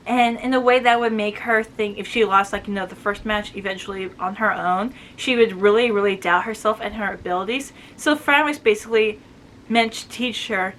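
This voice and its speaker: A woman reviewing a book, casually retelling the plot and acting out the characters' lines with quick voice shifts. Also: medium pitch, bright, forceful tone, slight background noise. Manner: chatty, acts out quoted lines with quick voice shifts.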